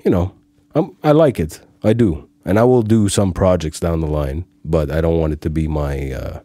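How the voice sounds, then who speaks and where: Casting note: young man from Cyprus, low warm voice, relaxed chat, dry close sound. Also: normal speed, no room sound. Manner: chatty, laughs easily, slips into accent impressions. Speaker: voiceover artist and sound editor. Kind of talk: casual conversation.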